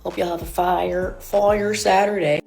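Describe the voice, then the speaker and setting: A woman's voice: on the low side, fairly even intonation, measured pace, vocal fry, a little mellow, soft background music. A woman telling a personal story in a chatty way, full of fillers and acted quotes. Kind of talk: storytime video.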